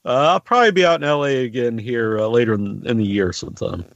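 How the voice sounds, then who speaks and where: A man's voice: mid-range voice, fast, dry recording, dull audio. A man hosting a podcast, asking questions in an easygoing way with short affirmations. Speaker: podcast host. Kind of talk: casual interview chat.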